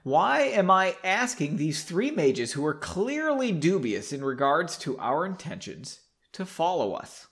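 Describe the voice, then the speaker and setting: A man's voice: fairly high pitch, very animated, measured pace, a bit bright, exaggerated voice. A man voicing a blunt, suspicious young male adventurer in a read-aloud story, with curt, skeptical replies. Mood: frustrated.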